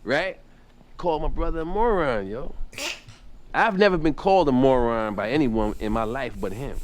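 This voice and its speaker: A man spinning a rowdy stand-up story, restless and lively, stumbling over his words and restarting a lot. his voice sits in an ordinary middle register and climbs high whenever he mimics someone. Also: normal speed, crowd noise. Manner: animated, repetitive restarts, jumps up in pitch for impressions. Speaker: stand-up comedian telling a story.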